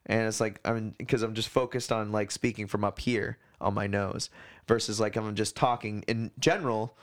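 Speaking at a moderate pace with a steady, lowish voice, this podcast co-host keeps things relaxed and conversational. His explanations meander, packed with filler words, and now and then he lets a curse slip.

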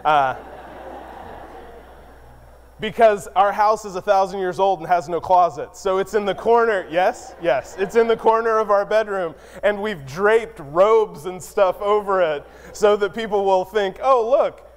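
Man, pastor, high voice, conversational sermon, self-deprecating, reverberant church hall. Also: a little slow, a little hiss or hum. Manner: conversational, self-deprecating storyteller with many fillers. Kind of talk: sermon with personal storytelling.

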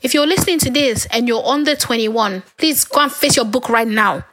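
A young adult woman hosting a podcast alone, talking in a candid, rambling, chatty way, her voice a little hoarse from talking so long. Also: fairly high pitch, normal speed, fairly bright tone. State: losing her voice, a bit hoarse. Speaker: podcast host. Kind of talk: casual podcast monologue.

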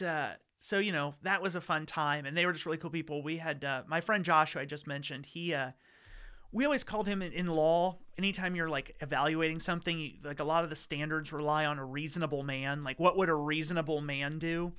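A man with a fairly high, bright voice tells stories in a relaxed interview. His voice is smooth and crisp. He talks chattily, stops and restarts, and slips into short acted-out quotes. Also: brisk. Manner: chatty, acts out quotes, many fillers and restarts. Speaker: interview guest recounting law school. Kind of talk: casual storytelling.

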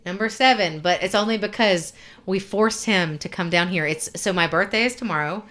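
Bright-voiced woman co-hosting a chat. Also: mid-range voice, normal speed. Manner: animated, does impressions of family. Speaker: podcast co-host. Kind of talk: casual chat. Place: home in Birmingham.

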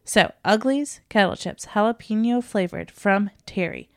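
A woman's voice: medium pitch, unhurried, no room sound, studio quality. A woman hosting a podcast in casual chat, a bit out of breath and tired, rambling as she talks. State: out of breath, recovering from illness. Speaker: podcast host.

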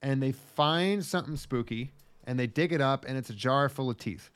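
Man, podcast co-host, sarcastic, profane, mid pitch, dry close mic. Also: normal speed, clear, resonant tone, no echo. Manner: sarcastic, profane, acts out scenes in silly voices. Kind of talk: casual comedic anime recap.

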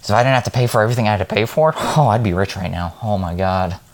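A man's voice: on the low side, racing. A man vlogging in a casual monologue, talking in a frank, rambling and heated way.

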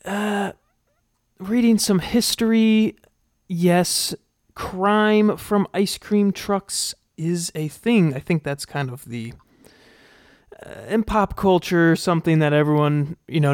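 A man with a fairly high, clear, resonant voice speaks slowly in clean studio audio with no echo. Hosting a casual solo podcast, he reads research aloud and comments on it, thinking out loud with lots of fillers and restarts.

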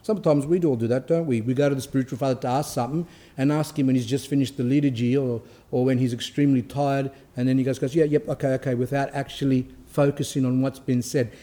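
Mellow-voiced man giving a spiritual talk. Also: mid-range voice, fairly even intonation, fast. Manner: conversational, with asides and rhetorical questions. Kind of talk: religious teaching talk, reading aloud with commentary.

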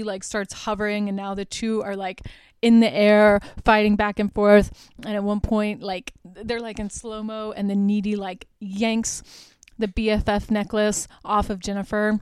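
A woman's voice: mid-range voice, level tone, moderate pace, darkish tone, clear, resonant tone, no room sound. A woman hosting a podcast, casually recapping a horror film with lots of "like" and frequent laughs. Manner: chatty, lots of "like", laughs often. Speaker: podcast host.

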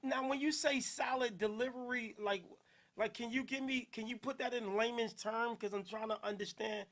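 A man from Newark with a New Jersey accent, hosting a casual podcast, loud and playful, laughing often and shouting out listeners. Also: extremely high pitch, steady tone, moderate pace. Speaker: podcast host.

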